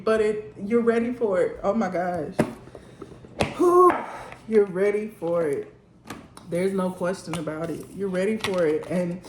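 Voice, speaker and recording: A woman's voice: fairly low pitch, darkish tone, echoey room, a little hiss or hum. A woman giving a spiritual card reading at home, talking earnestly and emotionally with lots of "like" fillers.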